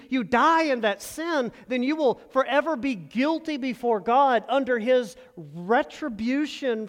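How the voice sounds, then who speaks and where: A man preaching a sermon as pastor, animated, leading the congregation in call-and-response. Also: extremely high pitch. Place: church sanctuary. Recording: long hall reverb.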